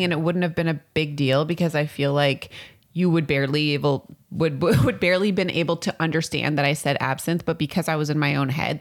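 A woman co-host with a somewhat low voice chats freely and laughs often. She acts out the quotes she tells with bursts of energy. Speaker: podcast co-host. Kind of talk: casual chat.

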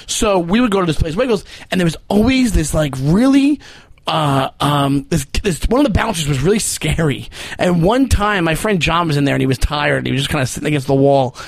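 A man, co-hosting a podcast and telling animated stories with acted-out quotes. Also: fairly high pitch, a little fast, vocal fry, no room sound. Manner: animated storyteller, acts out quotes. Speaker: podcast co-host. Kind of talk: casual chat.

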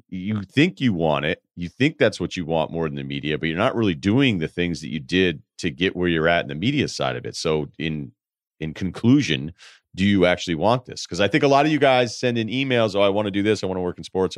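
A man's voice: sits low, no echo, clean studio sound. A man hosting a podcast, giving candid, rambling advice in casual chat, swearing now and then and acting out quoted people in his stories. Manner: acts out quoted voices in anecdotes. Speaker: podcast host.

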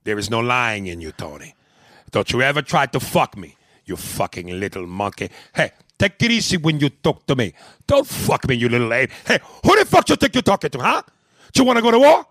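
A man's voice: on the low side, lively intonation, normal speed, no echo, clean studio sound. A man doing a raging drug lord. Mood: menacing. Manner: menacing, profane, shouting. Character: hot-tempered adult male drug lord, threatening.

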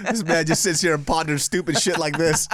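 A man's voice: fairly high pitch, fairly quick, fairly bright tone, no echo, clean studio sound. A man co-hosting a podcast in casual chat, teasing and sarcastic, swearing freely. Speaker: podcast co-host.

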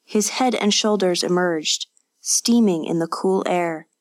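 A woman narrating a scripted story in a measured, vivid reading. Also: fairly low pitch.

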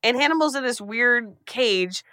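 A woman podcast host recapping a film for a guest, telling it fast and breathlessly, with lots of profanity. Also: a little high, expressive, pushed and bright, clean tone, no room sound. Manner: rapid, profane, breathless storytelling.

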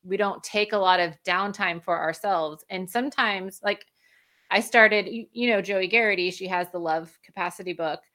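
Woman, functional medicine practitioner, bright voice, explanatory, laughs often. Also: mid-range voice, moderate pace. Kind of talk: conversational interview.

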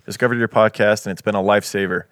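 A man co-hosting a podcast who reads listener reviews aloud in an easygoing way and adds quick asides. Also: on the low side, fairly even intonation, clean tone, no room sound, studio quality. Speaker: podcast co-host. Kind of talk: casual podcast chat, reading listener reviews.

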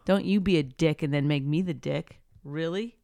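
A woman's voice: sits low, normal speed, creaky, dark tone, dry recording. A woman co-hosting a casual chat, blunt, profane and combative. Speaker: podcast co-host.

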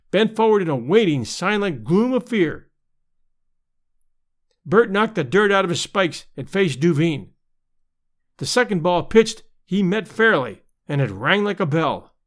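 Male audiobook narrator, high and animated delivery, dramatic period sports tale. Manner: lively, expressive storytelling with voiced crowd shouts.

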